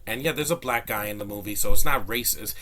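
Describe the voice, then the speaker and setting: A man's voice: lowish voice, fast talker, bright, forceful tone. A man of Hispanic background giving a casual spoken movie review, rambling with restarts and fillers, recorded on a phone. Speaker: film reviewer.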